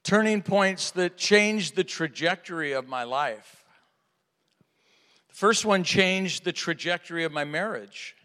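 Animated pastor preaching in a reverberant hall. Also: male voice, sits high, a little slow. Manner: animated storytelling, acts out dialogue. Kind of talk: sermon.

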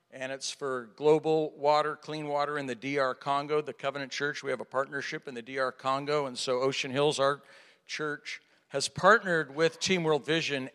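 A middle-aged man preaching a sermon as pastor, telling personal stories with animated delivery and acting out the dialogue. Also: medium pitch, clear, resonant tone. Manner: animated storytelling, acts out dialogue. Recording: long hall reverb.

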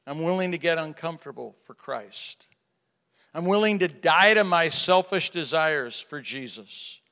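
A man preaching a sermon to a live audience, asking rhetorical questions and swinging from hushed to loud. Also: on the high side, expressive, a little slow. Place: large hall with an audience. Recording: reverberant hall.

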